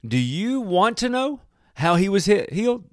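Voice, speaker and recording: A man's voice: sits high, very animated, measured pace, fairly bright tone, dry recording, clean studio sound, voice pushed up, exaggerated voice. Peter, a man playing a bold apostle. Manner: bold, emphatic. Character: bold, Spirit-filled adult male apostle.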